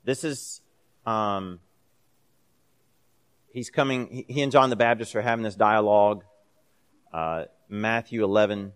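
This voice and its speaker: A man's voice: fairly low pitch, measured pace, long pauses, smooth. A man leading a Bible class in a conversational way, reading scripture aloud with emphasis between casual explanations. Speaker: Bible study teacher.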